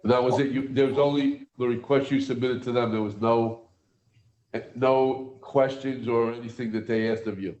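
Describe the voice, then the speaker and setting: A man asks probing, measured questions in a mellow, dark voice. The room is echoey and the audio sounds dull and lo-fi. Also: mid-range voice, steady tone. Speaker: meeting official asking questions. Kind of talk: formal questioning. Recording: roomy, dull meeting audio.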